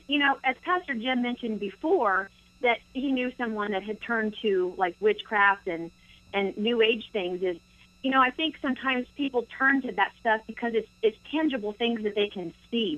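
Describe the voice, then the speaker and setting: A woman co-host speaking earnestly and quickly about faith in a Christian talk discussion. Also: on the high side, a bit bright, highs cut off.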